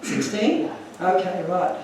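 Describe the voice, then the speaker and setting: Man giving a talk, earnest and emotional, high-pitched, recorded from afar in a reverberant room. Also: big pitch swings, slow, a little mellow, slight background noise. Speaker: speaker. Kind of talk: illustrated talk to an audience. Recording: echoey room from far off.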